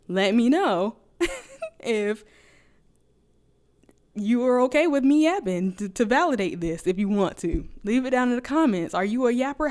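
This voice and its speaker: A woman vlogger chatting casually to camera, talking fast and rambling, laughing often, energized on caffeine. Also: a little high, a little mellow.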